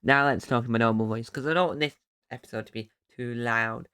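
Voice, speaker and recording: A man's voice: medium pitch, steady tone, brisk, bright, forceful tone, smooth, no room sound, studio quality. A man hosting his own podcast, recapping an episode in a casual, rambling way and often correcting himself mid-sentence. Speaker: podcast host.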